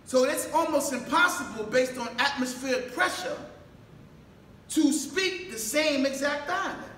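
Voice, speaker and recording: A man preaching a sermon in a mosque hall, firing rhetorical questions at the congregation, drawing their responses and building up to shouts. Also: very high-pitched, measured pace. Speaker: mosque minister. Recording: echoey room, distant mic, faint background noise.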